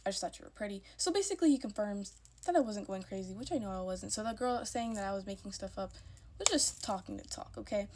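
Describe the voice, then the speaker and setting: A woman's voice: medium pitch, fast, noisy background. A young woman telling a story in a casual, emphatic way, repeating herself when worked up.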